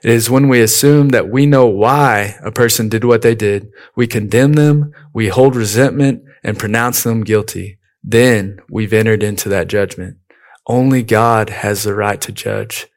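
A man preaching a sermon in a relaxed, conversational way, weaving in stories from his own life and often saying "you know". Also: fairly low pitch, unhurried. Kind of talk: sermon with personal storytelling.

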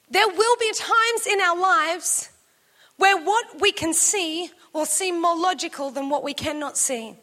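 Woman preacher, very high voice, bright and forceful, animated storyteller. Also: unhurried. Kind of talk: sermon with personal story.

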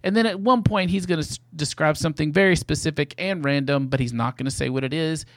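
A man's voice: on the high side, fast talker, dry recording. A man hosting a casual podcast, upbeat and playful, laughing often as he explains a game. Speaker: podcast host.

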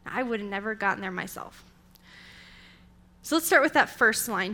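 A woman's voice: a little high, sing-song, normal speed, pushed and bright. A young adult woman giving a sermon in a conversational, storytelling way. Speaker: preacher.

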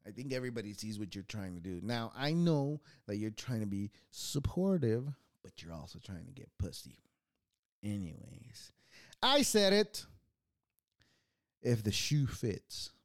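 A man's voice: fairly low pitch, big pitch swings, unhurried, no room sound, studio quality. A young adult man hosting his own show, ranting casually with a lot of swearing and mocking laughter. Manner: profane, mocking, laughs often. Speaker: podcast host.

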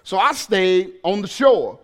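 A man preaching a sermon as pastor, telling a personal story and building up to shouted, emphatic preaching. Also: sits high, big pitch swings, unhurried.

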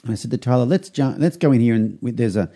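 A middle-aged man hosting a podcast, telling a rambling anecdote and acting out what people said in a higher voice. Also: animated, fast, dark tone. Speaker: podcast host. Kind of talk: casual storytelling.

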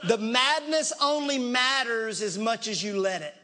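A male pastor preaching a lively sermon, calling out to the congregation and acting out panicked cries. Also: extremely high pitch, unhurried. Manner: animated, acts out panicked voices and shouts; talks to the congregation directly, laughs along.

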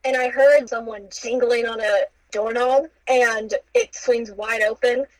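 A woman's voice: fairly high pitch, measured pace, dry recording, poor audio. A young woman casually recounting a story, acting out the quoted lines with playful asides. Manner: animated, acts out quotes with playful asides and laughs.

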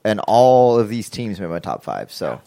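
Casting note: male podcast co-host, lively and jokey, medium pitch, dry close mic. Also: normal speed, gravelly, no echo. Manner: animated, jokey, swears when riled. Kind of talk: casual sports chat.

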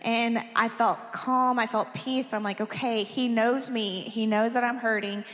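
A woman's voice: on the high side, steady tone, unhurried. A woman in her thirties, a pastor, telling a candid and emotional personal story during a sermon, with light laughs between phrases. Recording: long hall reverb.

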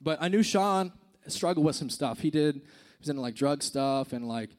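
A man's voice: on the high side, lively intonation, moderate pace. Earnest young man preaching casually. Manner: casual, earnest, many fillers like "like" and "dude". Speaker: youth speaker. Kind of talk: informal sermon with a personal story. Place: church service. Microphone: handheld microphone.

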